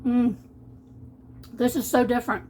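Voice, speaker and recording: Chatty woman, high voice. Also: moderate pace, darkish tone, a little hiss or hum. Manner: chatty, folksy, restarts often. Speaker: cooking vlogger. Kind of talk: casual cooking vlog. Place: home kitchen.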